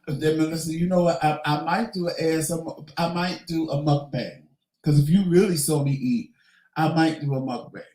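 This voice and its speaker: A man's voice: fairly high pitch, fairly even intonation, measured pace, long pauses, warm tone, reverberant, rough recording. A man hosting a casual question-and-answer vlog, talking candidly and swearing now and then. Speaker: vlogger host. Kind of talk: casual Q&A chat.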